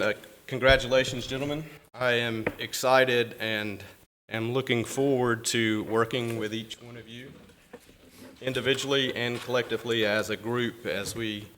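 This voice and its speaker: A man's voice: mid-range voice, fairly even intonation, a little slow, a bit bright, a little hiss or hum. A man from North Carolina, a local official giving a folksy, self-deprecating speech at a council meeting.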